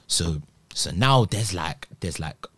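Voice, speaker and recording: A young man telling a story in casual chat, acting out voices and jumping high in pitch when excited. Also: takes it slowly, breathy edge.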